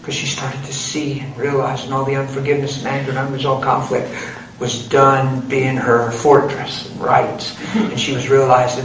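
A man's voice: medium pitch, flat delivery, normal speed. A man preaching a sermon, telling a story with emphasis and acting out the quotes. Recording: roomy hall, distant mic, background noise.

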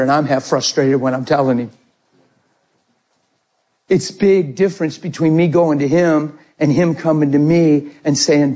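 A middle-aged man preaches a sermon in a slightly slow voice on the high side. He tells family stories with animation, acting out the voices of parents and children.

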